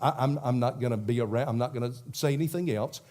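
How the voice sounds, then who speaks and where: A man's voice: mid-range voice, fast, mellow. A middle-aged male pastor preaching a sermon in a conversational way, acting out the voices of people in the story.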